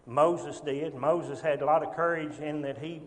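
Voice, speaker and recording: A man teaching an informal Sunday Bible class, speaking haltingly with frequent restarts and rhetorical tag questions, in a church classroom. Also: fairly high pitch, fairly even intonation, big-room sound.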